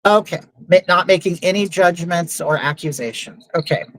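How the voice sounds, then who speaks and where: A woman's voice: fairly low pitch, moderate pace, no room sound, low-quality recording. A woman hosting a livestream, telling stories in a chatty, opinionated way with many asides. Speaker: livestream host. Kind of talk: casual livestream monologue.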